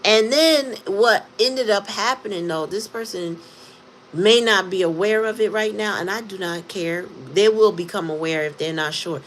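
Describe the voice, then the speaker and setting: Blunt, profane woman with a low voice. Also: expressive, moderate pace, a bit bright, slight background noise. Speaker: tarot reader. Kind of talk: casual monologue to viewers.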